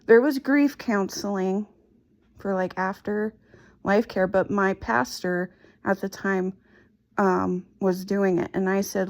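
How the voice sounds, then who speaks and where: Slow-speaking woman telling a personal story. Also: mid-range voice, fairly even intonation. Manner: slow, halting, emotional retelling. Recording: dull lo-fi recording.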